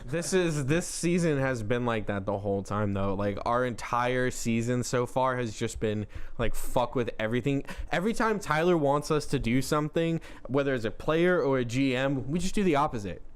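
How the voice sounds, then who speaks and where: A man's voice: medium pitch, expressive, moderate pace, few pauses, clean tone. A young man talks casually on a podcast in a mid-range voice. He teases his friend, swears now and then, and keeps the talk loose. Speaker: podcast co-host and player.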